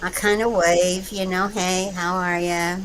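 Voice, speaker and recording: A woman telling an animated, chatty anecdote with dry asides. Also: fairly low pitch, measured pace, a little hiss or hum, low-quality recording. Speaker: storyteller. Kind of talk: casual chat.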